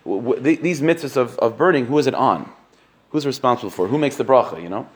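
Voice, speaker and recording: A quick-talking man leads a text-study lesson. He reads short passages aloud, translates them, and restates each point several times at a brisk clip, his voice sitting at an ordinary middle pitch. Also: lively intonation, husky. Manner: quick, explanatory, repeats phrases, reads Hebrew sources aloud and translates. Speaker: Talmud teacher. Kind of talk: text-based shiur lesson.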